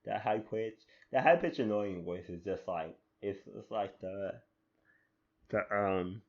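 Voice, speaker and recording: A man's voice: fairly low pitch, unhurried, darkish tone, highs cut off. A man hosting a solo podcast, rambling and amused at himself in casual chat. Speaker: podcast host.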